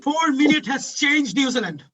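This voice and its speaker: A man's voice: very high-pitched, lively intonation, moderate pace, fairly bright tone. A man hosting a community panel, giving an emotional speech and repeating lines for emphasis. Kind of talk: impassioned advocacy speech. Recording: dull lo-fi audio.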